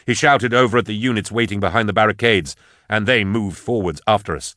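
Low-voiced man narrating a grim tale. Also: a bit bright, dry recording, clean studio sound. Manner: measured, grave storytelling delivery. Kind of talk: audiobook narration of dark fantasy fiction.

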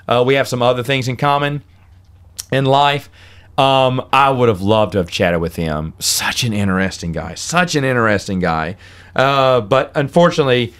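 A man's voice: medium pitch, a bit bright. Guy doing a solo podcast, rambly, keeps tripping over his words, bit of hiccups. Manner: rambling, self-interrupting, repeats words. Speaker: podcast host.

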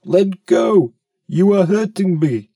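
A man's voice: mid-range voice, expressive, a little slow, creaky, warm tone, no echo, studio quality, recorded from a distance. A man voicing a polite, curious young elephant calf in a storybook reading, pleading in a courteous way. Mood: pained.

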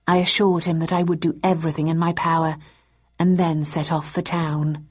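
A woman narrates a first-person audiobook in a low, husky voice with a darkish tone, keeping a dry, measured storytelling pace. Her delivery is flat, and the sound is dull and lo-fi.

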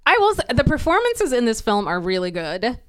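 A woman's voice: on the high side, huge pitch swings, brisk. A woman co-hosting a podcast, talking in a casual, opinionated and candid way. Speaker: podcast co-host. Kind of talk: casual chat.

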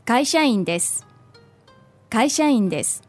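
A woman from Japan co-hosting a language lesson, modeling Japanese phrases slowly and clearly. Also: on the high side, lively intonation, a little mellow, no echo, faint music behind. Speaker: co-host, native speaker.

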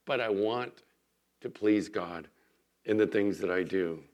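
A man, a pastor, giving a sermon in church, telling everyday stories in a conversational way with lively emphasis. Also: fairly low pitch, a little slow. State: recovering from illness.

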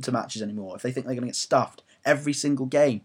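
A man's voice: mid-range voice, fast talker, hardly any pauses, slightly rough. A young English man ranting about football on his own audio blog, rambling, self-mocking and swearing freely. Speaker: football fan blogger.

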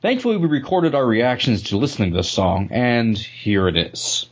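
A man's voice: medium pitch, big pitch swings, normal speed, highs cut off. A man co-hosting a casual podcast chat, ranting with lots of swearing and frequent laughter. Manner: profane, ranting, laughs often. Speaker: podcast co-host.

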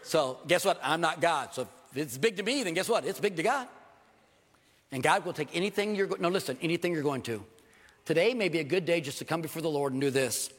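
A man's voice: on the high side, expressive, fairly quick, fairly bright tone. An older man preaching a sermon as pastor in church, earnest and emphatic, repeating key phrases. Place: church sanctuary. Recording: long hall reverb.

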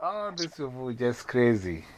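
A man in a casual conversation with a friend, asking questions and quickly taking sides. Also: medium pitch, sing-song, background noise. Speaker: friend in a phone chat.

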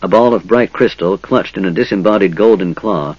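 A man narrating a fantasy novel in a dramatic, expressive reading. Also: low-pitched, brisk, husky, dry recording, lo-fi sound. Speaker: audiobook narrator.

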